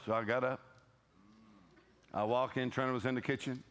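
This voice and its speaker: A man's voice: medium pitch, brisk, pauses often, fairly bright tone, clean tone. A male pastor, preaching a humorous sermon and telling stories with playful voices and laughter.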